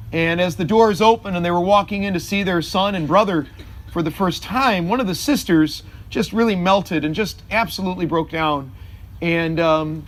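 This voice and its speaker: A middle-aged male priest giving a homily, halting and full of filler sounds. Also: high-pitched, fairly bright tone.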